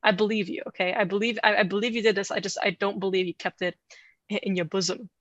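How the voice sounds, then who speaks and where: A woman's voice: medium pitch, fairly even intonation, fast, no room sound, dull audio. A woman co-hosting a podcast, telling folklore in casual chat with playful asides and frequent laughter. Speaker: podcast co-host.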